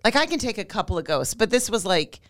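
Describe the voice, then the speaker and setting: A woman comedian in casual chat, an animated storyteller who often laughs. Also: medium pitch, fast.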